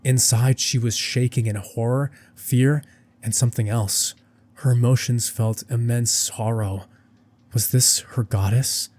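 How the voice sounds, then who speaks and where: A man's voice: medium pitch, steady tone, measured pace, darkish tone. A man narrating a dramatic anime fan-fiction story with intense storytelling that rises and falls with the action.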